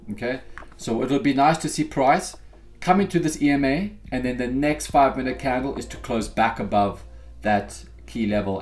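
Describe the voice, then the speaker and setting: A man hosting a live futures day-trading stream, chatting casually to viewers as he talks through his trades. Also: mid-range voice. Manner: relaxed, chatty, addresses viewers as guys.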